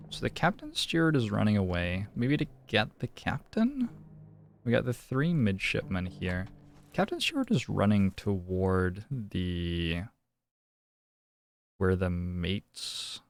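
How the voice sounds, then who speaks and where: A man's voice: low-pitched, gravelly, slight background noise. A young man streaming a detective game, musing and thinking aloud in casual commentary.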